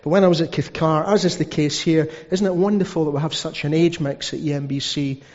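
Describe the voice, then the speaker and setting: A man's voice: a little high, steady tone, a little fast, a little mellow. A man preaching a sermon as pastor, telling stories with asides. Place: church hall. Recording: dull sound with long hall reverb.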